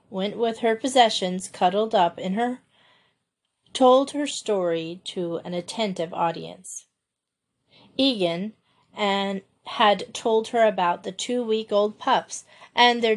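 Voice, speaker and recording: A woman reads a classic children's story aloud at an unhurried pace. Her narration is measured and steady, with a mid-range voice. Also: medium pitch. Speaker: audiobook narrator. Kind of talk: scripted narration.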